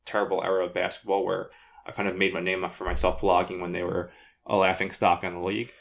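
A man who blogs about sports, chatting casually and telling stories in an excited, profane way. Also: low voice, fast talker, vocal fry. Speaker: sports blogger. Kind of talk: casual chat.

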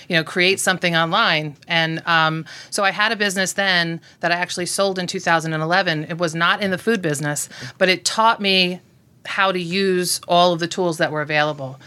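A woman in her forties, a guest on a podcast, telling her story in a relaxed way with a raspy voice. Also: lowish voice. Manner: relaxed storytelling with many um fillers. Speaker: guest, blog founder. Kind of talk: podcast interview conversation.

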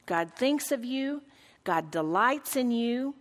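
A woman's voice: on the high side, lively intonation, takes it slowly. Earnest woman teaching in a reverberant room. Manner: earnest, questioning the group, reads quotes aloud. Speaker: Bible study teacher. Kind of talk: Bible lesson teaching with read-aloud quotes. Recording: long reverb of a large room.

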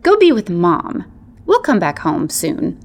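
A woman voicing a nervous young female wolf who asks worried, hushed questions in a storybook reading. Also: fairly low pitch, huge pitch swings, a little slow, heavily acted.

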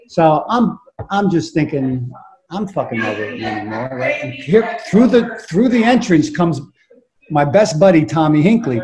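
A middle-aged man, an actor telling lively, profane anecdotes in casual chat and acting out the voices in them. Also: a little high, low-quality recording. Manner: animated, profane, acts out voices in his anecdotes. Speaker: actor guest telling stories.

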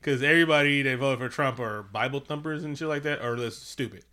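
A man with a bright, forceful voice riffs through a casual comedy chat at home. He is animated and profane, and he keeps dropping into quick mocking impressions of other people. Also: mid-range voice, clear, resonant tone. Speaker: podcast co-host.

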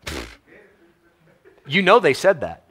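Texan preacher man, pitched high. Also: moderate pace. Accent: Texan American. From Texas. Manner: animated, swings from quiet to loud and laughs often. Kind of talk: sermon.

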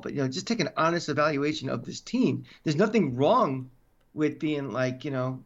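A man with a fairly high voice rants emphatically in casual sports chat, pushing each point hard. The audio is dull and lo-fi, like a modest home podcast setup. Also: moderate pace. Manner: animated, emphatic, ranting. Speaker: podcast co-host.

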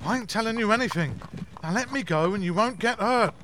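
A man's voice: sits high, lively intonation, brisk, fairly bright tone, slight background noise. Man playing a jumpy crook. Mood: threatening. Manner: blustering, then pleading. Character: cornered, scared male crook.

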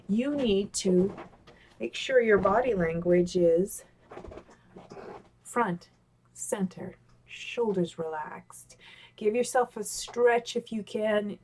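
A woman giving casual, animated communication tips over a webcam. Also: mid-range voice. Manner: animated, talks with gestures, excitable. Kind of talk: casual instructional talk on camera. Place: home office with a squeaky chair. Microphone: webcam on a video call.

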